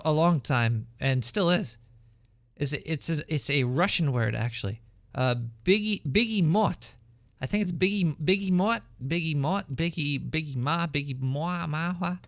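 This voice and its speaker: Man playing a paranoid cartoon rat, Brooklyn accent, shrill and gravelly, bright tense tone, dry close sound. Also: dry recording. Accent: Brooklyn New York. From Brooklyn, New York. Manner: rambling, conspiratorial, stumbling restarts. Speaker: podcast host. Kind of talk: rambling comedic monologue. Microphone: home setup.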